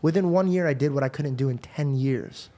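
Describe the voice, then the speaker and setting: A man's voice: on the high side, fairly quick, warm tone. A man hosting a podcast, telling his faith story in an earnest, rambling way. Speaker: podcast host. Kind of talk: casual faith conversation.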